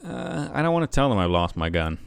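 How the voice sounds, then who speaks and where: A man's voice: fairly low pitch, big pitch swings, a little fast, gravelly, clear, resonant tone, dry recording. A man playing a video game, reading the game's text aloud and adding wry asides. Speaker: game streamer. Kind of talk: let's play narration and commentary.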